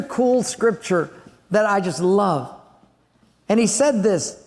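Man, preacher, sermon, high voice, animated storyteller, long hall reverb. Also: takes it slowly. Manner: animated storytelling, acting out scenes.

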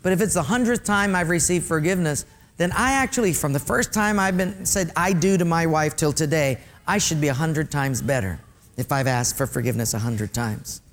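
In a slightly high voice and at a somewhat quick pace, a middle-aged man preaches as pastor. He's animated, talks directly to the congregation, and keeps repeating key phrases to stress them.

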